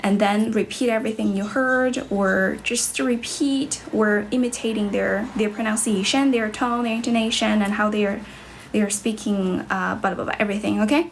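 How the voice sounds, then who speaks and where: A woman's voice: medium pitch, steady tone, moderate pace, a little hiss or hum. A young woman from China with a Chinese accent, an English teacher livestreaming casual chat, answering viewers' comments, switching between English and Chinese, and blunt with rude viewers.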